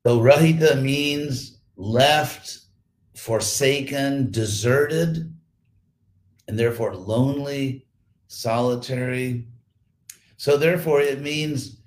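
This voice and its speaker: A man leads an online scripture class, walking through Sanskrit terms one word at a time. He speaks slowly and often repeats a word while he searches for the next. His voice sits at a mid pitch and carries a noticeable echo from the room. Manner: slow, explanatory, repeats words while thinking. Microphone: computer mic.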